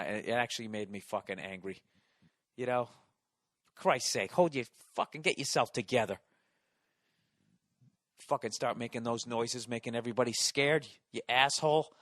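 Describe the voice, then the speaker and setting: A man with a Boston accent tells a stand-up story in a profane, exasperated rant. His voice sits at a middle pitch and jumps into loud bursts. The sound is dry and close, with no room echo. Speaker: stand-up comedian.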